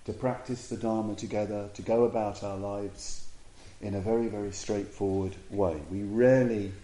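A man giving a Dharma talk as a Buddhist teacher, telling a story reflectively with pauses and restarts. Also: lowish voice, dark tone, echoey room, poor audio.

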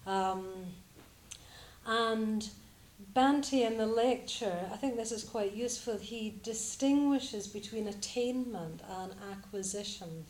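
A woman's voice: a little high, slow, a little mellow, roomy sound. A woman from Scotland giving a reflective Buddhist talk to a group, hesitant and full of fillers.

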